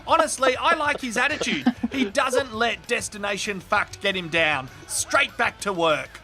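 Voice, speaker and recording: A man's voice: high-pitched, animated, a little slow. A man narrating a comedic clip video in a sardonic, crude manner. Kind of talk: scripted comedic voice-over.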